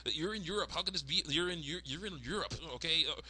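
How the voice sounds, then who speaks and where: A man's voice: on the high side, fast talker, sharp tone, slightly rough, pitched above the performer's own voice, heavily acted. A man doing a dismissive, scolding mom. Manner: scolding and brushing off. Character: dismissive suburban mother, disbelieving and stern.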